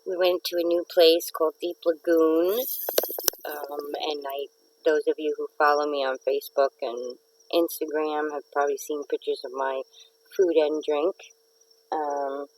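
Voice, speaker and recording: A woman's voice: sits low, little pitch movement, a little slow, a little hiss or hum, poor audio. A middle-aged woman hosting a casual live stream from home, chatting and rambling to viewers and greeting commenters by name. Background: neighbor's dog barking.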